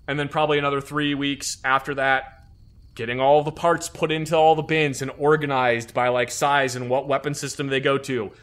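A man who served in the army, telling a story in casual conversation, animated and profane. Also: mid-range voice, fairly quick. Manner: animated, profane, acts out quoted people.

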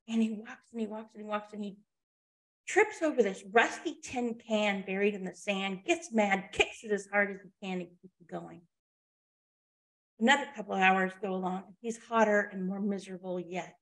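A woman presents a motivational webinar in an easy, conversational way. She keeps checking in with her audience as she moves into a story. Her voice sits in a middle range. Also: mid-range voice.

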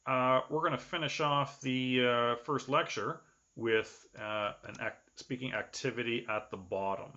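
A man teaching an English lecture, explaining patiently and filling his pauses with "okay" and "uh". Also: mid-range voice, fairly even intonation, sharp tone, highs cut off. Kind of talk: recorded online lecture.

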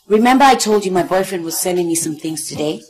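A woman's voice: on the low side, animated, fast talker, darkish tone, natural voice, low-quality recording. An actress with a Nigerian accent playing a devoted young female student in love, earnest in tone and dropping into Pidgin at times. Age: young adult. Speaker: university student. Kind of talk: Nollywood film acting.

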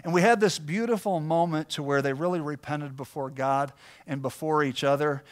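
A man's voice: fairly high pitch, moderate pace. A middle-aged male pastor preaching a sermon in a folksy, conversational storytelling way.

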